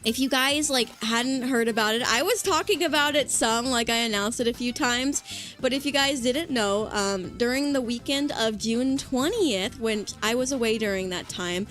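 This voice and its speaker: A woman VTuber chatting casually on a livestream, excitable and rambling with lots of fillers. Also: on the high side, moderate pace, soft background music. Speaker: VTuber streamer.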